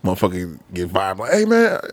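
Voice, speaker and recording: A man's voice: low-pitched, wildly swooping pitch, brisk, no echo. A young man co-hosting a podcast, animatedly telling a work story, swearing freely and acting out coworkers' voices. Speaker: podcast co-host. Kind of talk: storytelling in casual chat.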